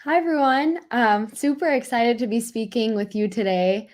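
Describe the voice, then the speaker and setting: A woman's voice: a little high, normal speed, darkish tone. A young woman from the United States giving a chatty, encouraging webinar talk over a video call. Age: young adult. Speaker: workshop speaker.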